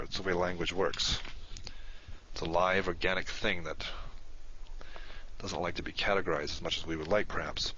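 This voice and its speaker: A man's voice: deep voice, pushed and bright. A man teaching a grammar lesson, explaining rules patiently and thinking aloud as he writes on a board. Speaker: Hebrew teacher. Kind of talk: recorded lecture. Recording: dull lo-fi recording.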